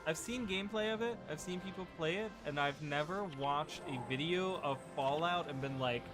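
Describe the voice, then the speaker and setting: A gaming video creator talks over game music into a USB desk microphone, his voice fairly high and his pace normal with few pauses. He rambles casually and chattily through his gameplay, often restarting his sentences.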